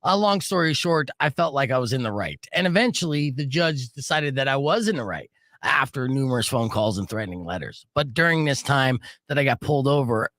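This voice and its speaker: A man's voice: mid-range voice, lively intonation, brisk, a bit bright, dry recording. A man hosting a live radio show, telling stories in a brash, casual way and swearing freely from a studio mic. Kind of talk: casual on-air storytelling.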